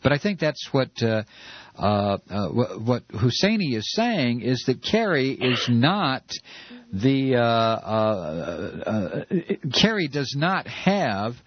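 An American man hosts a political call-in radio show. His pitch swings widely through heated, sarcastic talk with many fillers. The voice is husky and the sound is dull and dry, like an old radio broadcast. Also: big pitch swings, takes it slowly, no echo. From United States. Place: Georgia, United States.

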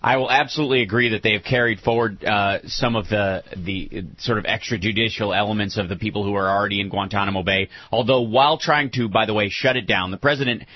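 A man's voice: lowish voice, fast talker, hardly any pauses, dry recording. A man, a comedian guest, chatting playfully on a radio show and turning earnest when he argues a point. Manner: playful, riffing, breaks into earnest argument. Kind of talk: casual radio chat. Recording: dry, slightly muffled broadcast audio.

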